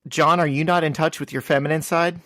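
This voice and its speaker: Relaxed, rambling podcast co-host man. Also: on the high side, brisk, no echo, studio quality. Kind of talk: casual chat.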